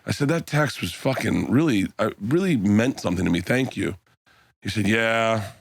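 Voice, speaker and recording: A middle-aged comedian guesting on a podcast tells a rambling, profane story, swearing freely and acting out the dialogue of the people in it. His voice is fairly low, expressive, gravelly, and slightly rough at a moderate pace, recorded clean in a studio with no echo.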